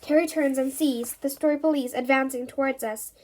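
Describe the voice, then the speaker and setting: High-voiced woman reading a storybook. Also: steady tone, a little fast, darkish tone. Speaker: reader. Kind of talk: reading a children's book aloud.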